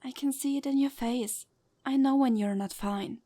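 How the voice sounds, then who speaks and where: A woman playing a young grieving woman with a German accent, soft and caring, in an audio drama. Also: high-pitched, moderate pace. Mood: gentle concern.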